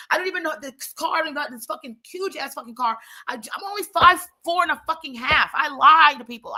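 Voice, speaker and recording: Woman storyteller, somewhat high, forceful bright tone, swears freely and rambles. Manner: animated, profane, rambling with asides. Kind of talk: casual storytelling.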